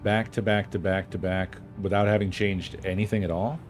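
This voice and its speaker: A man's voice: low voice, level tone, moderate pace, soft background music. A man streaming a game, venting in a casual, frustrated way and swearing often; he says he is not feeling well. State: feeling unwell. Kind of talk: casual gaming stream chat.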